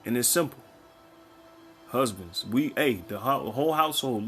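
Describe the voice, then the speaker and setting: A man from the United States teaching scripture in a casual, conversational way, often checking in with his listeners and reading verses slowly before explaining them. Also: mid-range voice, animated, fairly bright tone, faint music behind. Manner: conversational, keeps checking in with "all right?" and "man"; reads verses slowly, then explains them in plain talk. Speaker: preacher.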